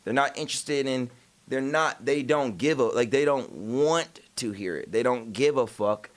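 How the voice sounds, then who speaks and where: A man livestreaming, telling a story in a rapid, emphatic way, swearing often and trailing off with filler sounds. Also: mid-range voice. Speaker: streamer. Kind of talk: casual livestream storytelling and reacting.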